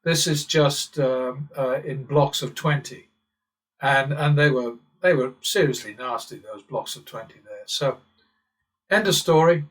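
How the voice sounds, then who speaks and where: In an unhurried, mid-range voice picked up far from the mic, an English man hosts his channel. He wanders off topic in a sardonic, rambling monologue, chuckling frequently.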